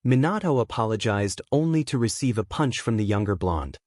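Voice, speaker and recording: A man reads a fan fiction story aloud, his pitch moving in a lively way through the narration. The sound is dry and close, with no room around it. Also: moderate pace, few pauses, no room sound.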